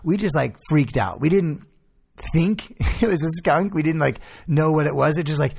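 A man in casual chat, telling profane, animated stories and doing quick voices. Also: on the high side, creaky, slightly rough.

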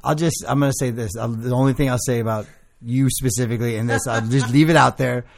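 A man's voice: mid-range voice, steady tone, fast talker, vocal fry. A man co-hosting a podcast in casual chat, teasing and interrupting with jokes. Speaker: podcast co-host.

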